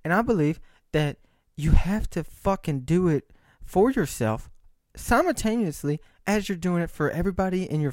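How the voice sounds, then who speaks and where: A man's voice: high-pitched, a little mellow, dry recording, clean studio sound. A man talking to camera in a rambling, profane monologue, checking in with frequent "right?" asides. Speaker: vlogger.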